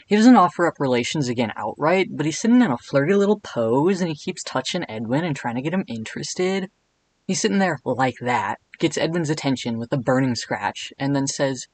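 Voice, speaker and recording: A man narrating a comedic video essay in an irreverent, jokey way with deadpan asides. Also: fairly high pitch, rough recording.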